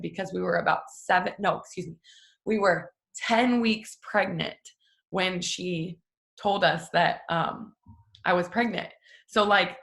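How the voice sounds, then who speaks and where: A woman's voice: medium pitch, moderate pace, vocal fry, fairly bright tone. A young woman giving a casual, emotional faith talk at home, chatty and full of fillers. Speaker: devotional host. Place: family home. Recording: roomy echo.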